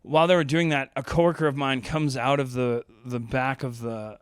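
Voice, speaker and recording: A man's voice: medium pitch, level tone, moderate pace, clear, resonant tone, no echo. A young man casually telling a long personal story as a podcast host, rambling with lots of fillers and laughing as he goes.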